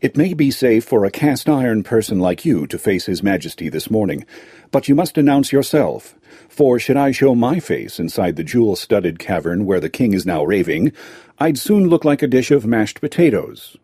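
A man's voice: on the low side, big pitch swings, moderate pace, mellow, husky, dry recording, studio quality. A man voicing a clever, wry chief steward to a gnome king, in a storybook reading. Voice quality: wry, matter-of-fact. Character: clever, dry-witted male steward to a king.

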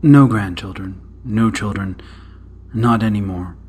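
A man reading the part of a thoughtful man who speaks in an earnest, measured way, in a storybook reading. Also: fairly low pitch, darkish tone, slightly rough.

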